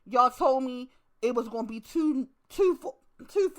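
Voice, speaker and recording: Young woman host, high bright voice, profane and lively storytelling monologue. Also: a little slow, few pauses. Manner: profane, animated storytelling with acted asides. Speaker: channel host. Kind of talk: casual monologue to camera.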